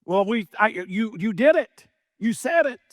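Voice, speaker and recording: A man's voice: high voice, animated, measured pace, dry recording, clean studio sound. A middle-aged male pastor preaching a sermon, asking rhetorical questions and often adding "right?".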